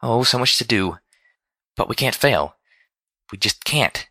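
A man voicing a timid, gentle female pony who speaks meekly and stammers when upset. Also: lowish voice, brisk, no room sound, clean studio sound, pitched above the performer's own voice. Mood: fretful, meek. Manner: meek, faltering, stammering.

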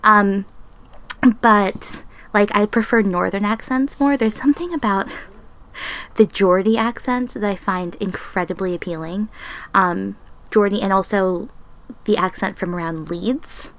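A woman's voice: mid-range voice, unhurried, a bit bright. A woman hosting a casual chat interview, giggly and gushing, swearing casually. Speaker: podcast host.

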